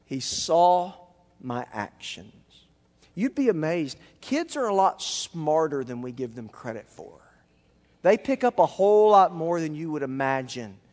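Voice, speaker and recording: A male pastor preaching a sermon emphatically, rising to near-shouts and then dropping low. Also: in a large hall.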